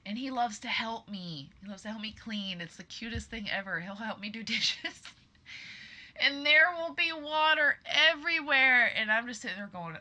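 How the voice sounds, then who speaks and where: A woman's voice: a little high, normal speed, sharp tone. A woman in her thirties hosting a podcast, talking earnestly and with emphasis straight to her listeners. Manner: earnest, emphatic, addresses listeners as "you guys". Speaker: podcast host. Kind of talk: personal monologue to listeners.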